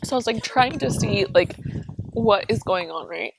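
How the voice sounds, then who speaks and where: Against a noisy background, a young family vlogger shares a painful personal story at normal speed, her mid-range voice expressive and gravelly. Speaking candidly and directly to viewers, she chats along with many fillers.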